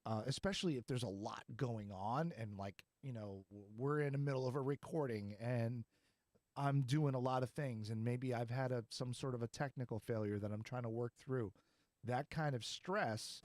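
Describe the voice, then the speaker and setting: A man's voice: mid-range voice, normal speed, darkish tone, no room sound. Chatty man with a dry, close sound. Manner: chatty and rambling, laughs easily. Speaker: podcast host. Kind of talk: casual chat.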